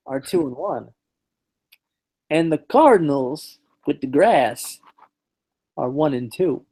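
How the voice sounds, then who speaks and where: A man co-hosting a podcast, giving football picks in a dry, deadpan way with halting restarts. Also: a little high, low-quality recording. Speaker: podcast co-host. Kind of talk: casual chat, football picks.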